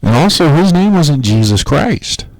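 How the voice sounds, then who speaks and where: A man talking casually on a podcast in a rambling, profane, animated way. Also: a little high, unhurried, no room sound, poor audio. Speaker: podcast host.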